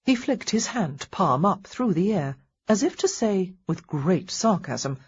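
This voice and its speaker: A woman narrating an audiobook with wry, expressive storytelling. Her voice is husky and breathy, and it rises and falls in lively sweeps. The audio has a dull, muffled quality. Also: fairly low pitch, measured pace. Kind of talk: scripted narration.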